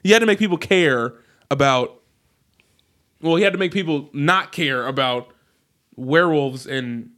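Animated casual podcast co-host man. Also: on the high side, unhurried, pauses often. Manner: rambling, animated, laughs often. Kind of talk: casual chat.

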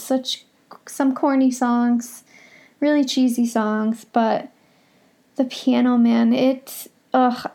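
A woman's voice: fairly high pitch, creaky, dark tone. A young woman hosting a solo podcast from home, talking in a rambling, emotional, confessional way. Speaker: podcast host.

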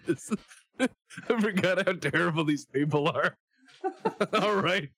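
A man's voice: high voice, slow, a bit bright. A man playing a tabletop game, gleeful and mischievous, laughing a lot. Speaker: player.

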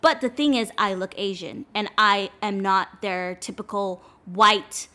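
A woman's voice: medium pitch, a little slow, pushed and bright. A young woman from California, chatting casually and rambling with lots of filler words. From California, United States. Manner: rambling, heavy use of "like". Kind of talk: casual chat.

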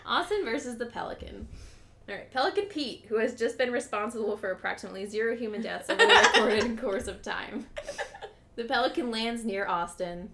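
A woman's voice: a little high, lively intonation, fairly quick, creaky, noisy background. A woman co-hosting a podcast who reads her recap notes aloud in a casual way, laughing often and swearing lightly. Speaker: podcast co-host.

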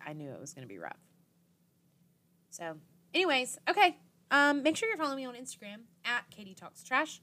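A young woman's bright, forceful, medium-pitched voice carries over a little hiss or hum as she hosts her podcast. She recaps the episode chattily, dropping "like" constantly and voicing quoted reactions.

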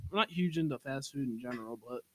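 A man co-hosting a casual podcast, trading jokes and quick banter. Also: mid-range voice, dry recording. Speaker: podcast co-host.

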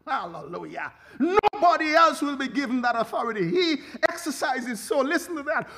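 A man's voice: very high-pitched, sing-song, normal speed, creaky, sharp tone. A man preaching a sermon as pastor, fervent, with frequent hallelujahs and bursts of laughter.

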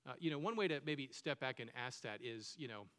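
A man's voice: mid-range voice, expressive, fairly quick, fairly bright tone, smooth, big-room sound. A man preaching a sermon as pastor, talking conversationally and asking the listeners many questions.

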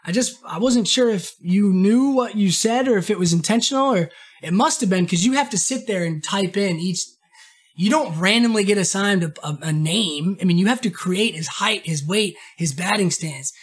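A podcast host from Maine delivers a casual, rambling monologue full of animation and swearing, acting out quoted remarks in a raised voice. His voice sits high with a breathy edge, at a moderate pace.

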